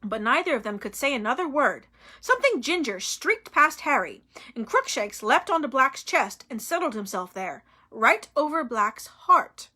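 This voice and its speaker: A woman reading a novel aloud in an expressive, dramatic way. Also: sits high, normal speed.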